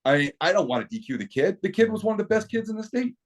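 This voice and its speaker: A man's voice: sits high, sing-song, racing. A middle-aged man talking as a podcast guest, telling stories animatedly with many restarts. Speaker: podcast guest, equipment company owner. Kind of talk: casual interview talk.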